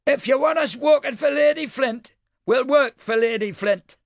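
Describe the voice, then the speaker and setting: A woman's voice: high-pitched, moderate pace, dry recording, clean studio sound, voice pushed up. A man voicing a blunt, nearly ninety-year-old woman cavalry rider with a frontier twang, in an audiobook. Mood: defiant. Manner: frontier twang, gruff and defiant.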